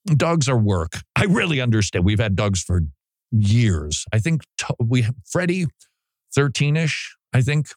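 A male radio host riffing in a studio, his pitch leaping around as he jokes and laughs between points. The sound is close and dry, with no room around the voice. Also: measured pace, no echo. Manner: animated, joking, laughs often. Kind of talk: casual talk-radio monologue. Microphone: studio mic.

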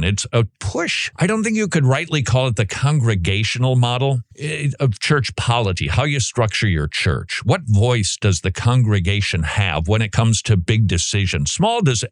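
A man's voice: mid-range voice, no echo, studio quality. A man hosting a Christian radio show, talking casually and rambling, with asides to his co-host and appeals to listeners.

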